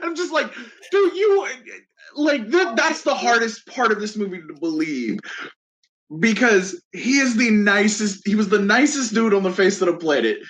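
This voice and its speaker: High-voiced excitable man. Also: moderate pace. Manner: excitable, laughing, swearing. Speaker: podcast co-host. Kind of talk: casual movie-review chat.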